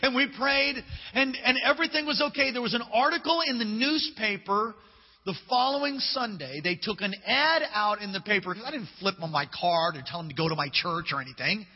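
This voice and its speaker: A man's voice: high-pitched, brisk. A male pastor preaching a sermon, telling stories emphatically and casually, acting out the dialogue. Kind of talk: sermon with storytelling. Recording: long reverb, dull lo-fi hall recording.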